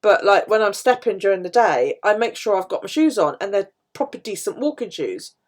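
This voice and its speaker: A middle-aged woman chats casually on a live stream while journaling, telling stories and swearing freely. Her medium-pitched voice is very animated and brisk.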